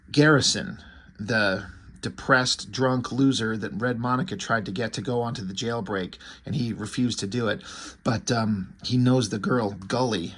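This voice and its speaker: A man's voice: mid-range voice, fairly bright tone. A man giving a casual, rambling recap and commentary as a comic book reviewer, offhand with frequent fillers and restarts.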